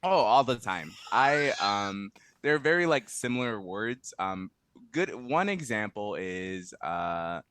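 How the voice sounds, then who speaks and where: A man being interviewed in a casual conversation, relaxed and quick to laugh, with many fillers and restarts. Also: lowish voice, clear, resonant tone. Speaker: interview guest, translation company head.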